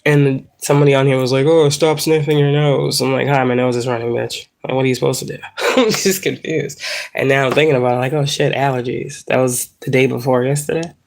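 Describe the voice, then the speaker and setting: Brief: congested woman in her 30s, low voice, rambling, swearing and laughing on a phone livestream. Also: steady tone, fast talker, a little mellow. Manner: rambling, profane, laughs often. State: congested from allergies. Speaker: spiritual livestreamer. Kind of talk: casual livestream chat.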